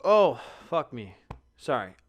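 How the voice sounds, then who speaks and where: A man's voice: medium pitch, big pitch swings, takes it slowly, no room sound, muffled recording. A young man hosting a casual solo podcast, rambling and swearing constantly, tired and yawning. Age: young adult. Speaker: podcast host.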